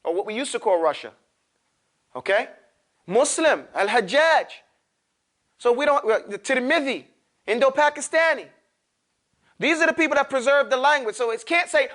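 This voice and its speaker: A man teaching a Quran recitation class, drawing syllables out slowly for students to repeat, then explaining in quick, loose talk. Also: very high-pitched, expressive, fairly bright tone. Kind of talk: classroom tajweed lesson.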